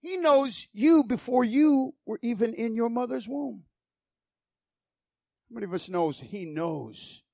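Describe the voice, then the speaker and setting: A man's voice: very high voice, animated, a little slow, vocal fry, darkish tone, no room sound, clean studio sound. A man preaching a sermon in a fervent, emphatic style, asking the congregation rhetorical questions.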